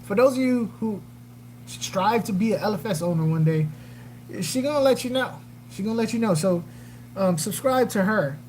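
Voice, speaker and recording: A woman's voice: medium pitch, normal speed, slight background noise, rough recording. A woman hosting a casual livestream chat, rambling, joking and answering viewer comments with lots of fillers. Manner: animated, jokey, trails off with fillers. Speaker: aquarium channel livestream host.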